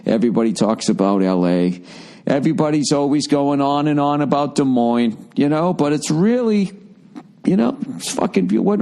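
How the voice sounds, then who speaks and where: Hoarse, ranting Boston comedian man. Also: on the high side. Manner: profane, ranting, animated storytelling. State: hoarse, voice worn out. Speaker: comedian podcast host. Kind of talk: rambling podcast monologue.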